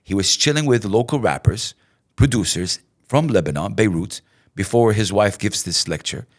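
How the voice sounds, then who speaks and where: A middle-aged man, a radio host, talking in a casual interview in an animated way, repeating himself and acting out quotes. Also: on the low side, moderate pace.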